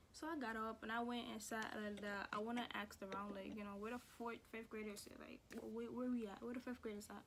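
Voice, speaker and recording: A young woman tells a school story in a sassy, slang-filled, heavily profane style. Her voice sits a bit high for a woman, and a faint hiss runs under the recording. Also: fairly even intonation, a little fast. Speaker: vlogger. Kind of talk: casual storytime.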